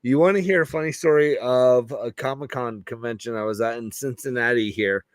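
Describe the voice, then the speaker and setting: A man's voice: brisk, no room sound, studio quality. A man co-hosting a casual podcast, playful and teasing in how he talks. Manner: playful, teasing, jumps into high mock voices. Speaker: co-host.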